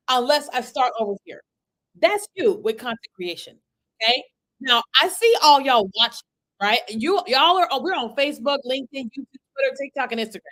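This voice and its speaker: A woman's voice: high voice, rough recording. A woman coaching people on content creation in a chatty livestream, often checking in with the audience. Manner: animated, chatty, asks the audience for replies, frequent "right?" and "okay?". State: itchy from an allergy. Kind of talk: livestream talk to viewers. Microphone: computer webcam.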